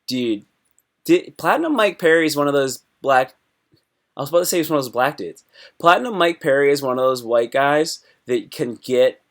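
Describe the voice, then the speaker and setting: Excitable man hosting a fight-recap stream. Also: medium pitch, moderate pace. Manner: excitable, jumps between topics, reads live chat aloud; animated with sudden loud yelps and imitations. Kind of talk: casual live stream chat.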